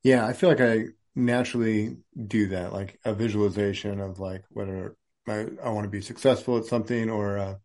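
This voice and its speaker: A man hosting a podcast, talking casually and sharing his own experience in a relaxed way. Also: fairly low pitch, fairly quick. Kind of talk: casual conversation.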